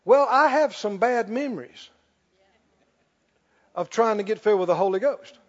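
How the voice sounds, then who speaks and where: A man preaching a sermon, telling a story with laughs and loud bursts of prayer. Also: sits high, animated, moderate pace. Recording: dull lo-fi sound with long hall reverb.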